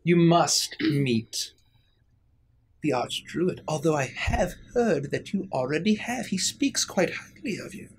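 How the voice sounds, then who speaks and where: A man's voice: fairly high pitch, expressive, slow, slight background noise, voice pushed up, low-quality recording. A man voicing a haughty, flirtatious female fey noble who talks in a purring, condescending way.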